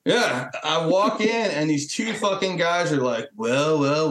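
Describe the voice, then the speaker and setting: Man telling wild stories, swears constantly, bit high-pitched, echoey room. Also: unhurried, crowd noise. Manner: profane and animated, acting out quotes. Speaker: Marine Corps veteran guest. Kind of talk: casual storytelling.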